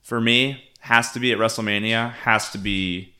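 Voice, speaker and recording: A man with a somewhat low yet bright, forward voice co-hosts a casual podcast. He talks with firm opinions and drops the odd swear word. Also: steady tone, normal speed. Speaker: podcast co-host. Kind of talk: casual wrestling podcast chat.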